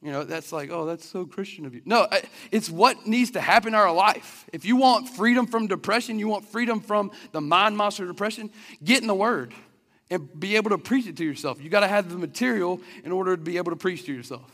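A man's voice: high-pitched, a little fast, a bit bright. A man preaching a sermon in an earnest, conversational way, often restarting his sentences. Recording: long reverb of a hall.

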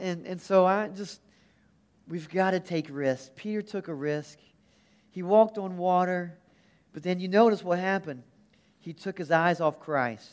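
A man preaching a sermon as pastor, earnest and animated, often restarting his phrases. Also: sits high.

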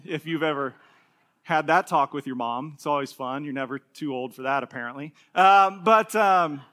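Bright, high-voiced male pastor preaching. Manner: animated, acts out quoted voices. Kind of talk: sermon.

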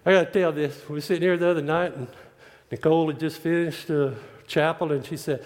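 A man's voice: a little high, steady tone, fairly quick. A man preaching a sermon, folksy and joking, drawing out his emphatic lines. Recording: long hall reverb.

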